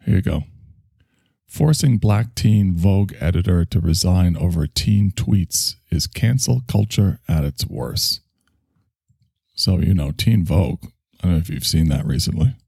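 Sarcastic New York podcaster, male, low and gravelly, dark tone, deadpan mockery. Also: unhurried, no room sound, clean studio sound. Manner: mocking, deadpan asides and sudden shouty pitch jumps. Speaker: podcast host. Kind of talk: sarcastic solo podcast commentary.

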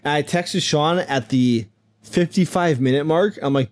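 A man's voice: fairly high pitch, measured pace, dry recording. Wry male podcast co-host. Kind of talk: casual movie-review chat.

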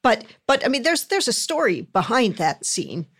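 A woman guest telling stories in a casual chat, thoughtful and halting. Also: a little high, very animated, husky. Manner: thoughtful, halting, restarts phrases. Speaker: guest, series creator.

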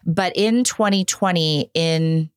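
Earnest woman with a lowish voice. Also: slow, dry recording, clean studio sound. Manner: earnest and animated, frequent restarts. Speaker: podcast guest. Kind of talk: candid conversational storytelling.

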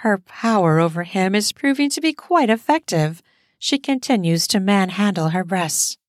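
A woman narrates an erotic audio story in a steady, explicit storytelling manner. Her voice sits close to the mic with a dry, dead sound. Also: mid-range voice, moderate pace, no room sound.

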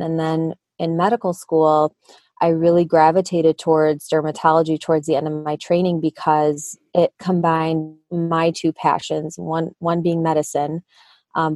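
Woman, 30s, Midwestern accent, low pitch, dry recording, earnest podcast guest. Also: mellow, no echo. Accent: Midwestern American. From Michigan, US. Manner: earnest, explanatory. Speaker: dermatologist guest. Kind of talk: podcast interview.

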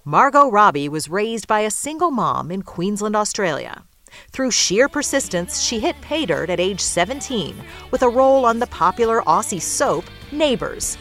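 A woman correspondent reading scripted narration for a news magazine feature in a lively storytelling manner. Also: mid-range voice, normal speed, faint music behind.

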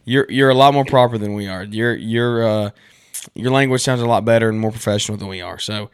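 A man's voice: fairly low pitch, brisk, smooth, dry recording, studio quality. A man with a Southern American accent hosting a podcast interview, chatty and enthusiastic. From southern United States. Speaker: podcast host. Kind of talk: casual interview chat.

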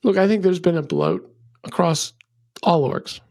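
A middle-aged man, a podcast guest, giving animated conversational advice with lots of ums and a rambling, energetic way of storytelling. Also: on the high side, measured pace, no room sound, clean studio sound. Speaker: podcast guest, venture capitalist.

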